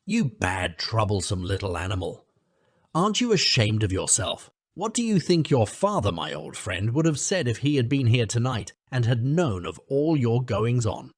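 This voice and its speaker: A man voicing a stern, wise old male badger who speaks gravely and severely. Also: mid-range voice, sing-song, moderate pace, no echo, clean studio sound.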